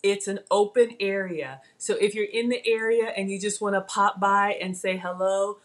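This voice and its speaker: A woman's voice: medium pitch, steady tone, moderate pace. A woman hosting a casual live cooking stream, chatty and emotional, thanking viewers by name as she works. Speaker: cooking livestream host.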